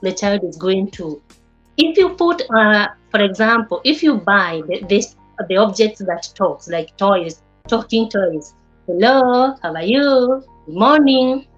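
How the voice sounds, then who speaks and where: A woman teaching a class on early childhood development, speaking haltingly and often repeating or restarting words. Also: medium pitch, expressive, faint music behind. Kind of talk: class lecture with students. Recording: slightly dull lo-fi recording.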